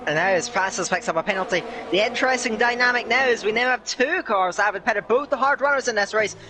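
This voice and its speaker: A male race commentator with a strikingly high voice calls the action with excitable play-by-play. The stream audio is noisy, with a clear hiss under his voice. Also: quick pace. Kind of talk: live sim racing commentary.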